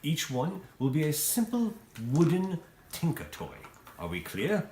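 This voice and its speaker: Pompous guild referee, fussy and officious, voiced by a male game master; lively pitch, echoey room. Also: unhurried. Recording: echoey room, faint noise.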